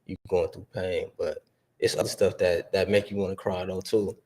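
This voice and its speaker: A man's voice: low voice, level tone, moderate pace, darkish tone, slight background noise. A man in his twenties, a guest on a casual podcast, talking in a laid-back, hesitant way with many fillers. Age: 20s.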